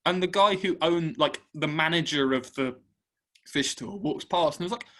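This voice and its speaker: A young man co-hosting a casual podcast, telling an animated story and acting out both sides of a conversation. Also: on the high side, normal speed. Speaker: podcast co-host. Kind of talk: casual chat.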